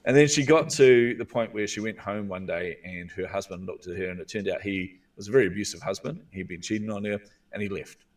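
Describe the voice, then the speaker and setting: Earnest New Zealand man, low voice. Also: fairly quick, far from the mic. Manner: earnest, animated storyteller. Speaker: guest, visibility coach. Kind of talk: storytelling in a podcast interview.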